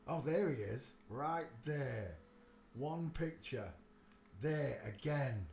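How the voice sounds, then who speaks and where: A man hosting a casual livestream, rambling to himself as he browses pictures and turning loud and animated when he tells a story. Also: medium pitch, slow pace, creaky, a little hiss or hum. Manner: rambling, talks to himself while searching pictures; gets loud and animated telling stories. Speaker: livestream host. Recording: roomy echo with faint ambience.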